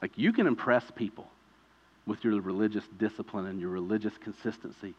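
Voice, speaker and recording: A man preaching a sermon in a conversational way, telling vivid stories and building to loud pleading peaks. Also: on the low side, brisk, highs cut off. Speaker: pastor.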